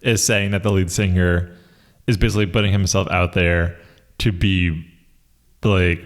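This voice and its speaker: A man's voice: sits low, steady tone, normal speed. A man co-hosting a podcast in casual comedic chat, laughing often and repeating lines for fun. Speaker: podcast co-host.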